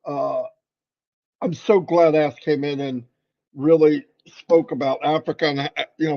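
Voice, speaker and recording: A man co-hosting a casual livestream, playfully teasing people in a voice that sits on the higher side. His sound comes through a muffled video-call line. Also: mellow. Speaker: livestream co-host.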